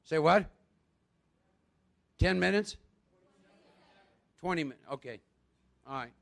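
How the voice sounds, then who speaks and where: Male workshop speaker, gravelly and talkative, constantly asking his audience questions. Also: on the high side, animated, takes it slowly. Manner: conversational, quizzes the audience with rhetorical questions. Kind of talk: live workshop talk.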